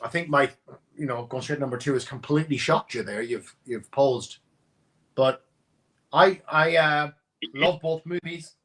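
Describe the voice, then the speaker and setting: A man's voice: medium pitch, moderate pace, fairly bright tone. A man co-hosting a live stream from home, chatting casually about movies, swearing freely and teasing. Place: home setup.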